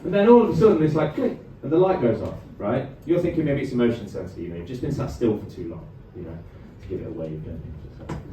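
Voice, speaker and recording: A man's voice: mid-range voice, sing-song. A man doing a stand-up comedy set on a club stage, chatting with the crowd between jokes. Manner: chatty crowd work, quick asides to the audience. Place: comedy club stage before a live audience. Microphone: handheld stage microphone. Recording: far-off echoey club recording with noise.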